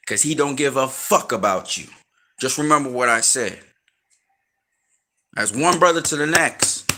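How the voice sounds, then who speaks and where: This online commentator's voice is a little high, bright and forceful. In an unscripted rant he lectures and warns his viewers, blunt and profane throughout, his emphatic slang growing heated.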